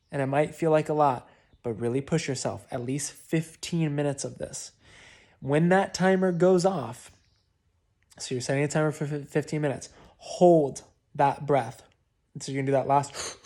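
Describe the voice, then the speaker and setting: A breathwork coach with a fairly high, warm voice gives spoken breathwork instructions to a private client. His manner is informal and encouraging, with frequent sighs and demonstrated laughs.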